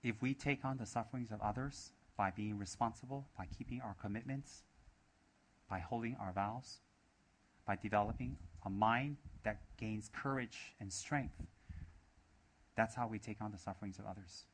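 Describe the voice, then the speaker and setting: A man's voice: on the low side, normal speed, slightly rough. A man giving a Buddhist dharma talk, emphatic and repetitive, asking many rhetorical questions. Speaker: Buddhist teacher.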